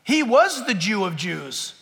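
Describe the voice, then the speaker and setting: This pastor's sermon comes a little slow, his very high, sharp and forceful voice touched with vocal fry. He preaches with animation, breaking from plain teaching to act out what his hearers might be saying. The hall's long reverb rings around him before the congregation.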